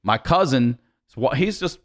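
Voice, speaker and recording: A man telling a wild story in animated, profane style on a podcast, often laughing as he goes. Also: mid-range voice, takes it slowly. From Baltimore, USA. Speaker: podcast guest.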